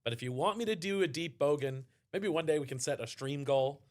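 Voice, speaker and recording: Australian male poker commentator, higher-pitched, lively play-by-play. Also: a little fast. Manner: chatty, excitable on big hands. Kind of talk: live tournament commentary.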